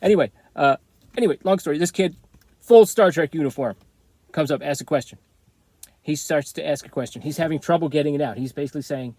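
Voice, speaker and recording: A man's voice: a little high, quick pace, a little mellow, no echo. A middle-aged man casually telling a story, rambling and digressing, often chuckling.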